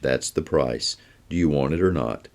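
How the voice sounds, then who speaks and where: A man voicing a calm, matter-of-fact butcher, reading from a children's storybook. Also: deep voice, normal speed.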